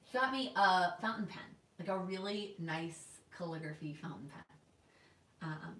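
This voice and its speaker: A woman's voice: on the low side, lively intonation, measured pace, a bit bright, roomy sound, recorded from a distance. A woman in her twenties from Texas, chatting casually on a livestream and reading out viewer comments. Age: 20s. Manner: chatty, reads viewer comments aloud, restarts often. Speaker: planner vlogger. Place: home in New York.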